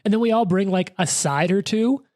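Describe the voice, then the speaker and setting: A speaker on a tabletop game podcast going off on enthusiastic tangents, rushing ahead when excited. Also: medium pitch, dry recording, studio quality. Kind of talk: casual chat.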